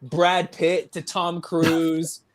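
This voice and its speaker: A man co-hosting a casual movie discussion podcast, animated and quick to laugh, often stumbling over his words. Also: fairly high pitch. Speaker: podcast co-host.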